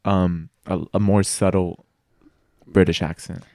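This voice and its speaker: A man co-hosting a podcast who chats in a relaxed, easygoing way with his friends. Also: low-pitched, measured pace. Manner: relaxed and easygoing, laughs along with the group. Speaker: podcast co-host. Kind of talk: casual group chat.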